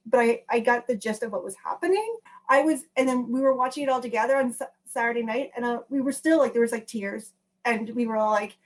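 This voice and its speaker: A woman's voice: a little high, fairly quick. A woman hosting a podcast, telling stories in a chatty way with many restarts. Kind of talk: casual podcast chat.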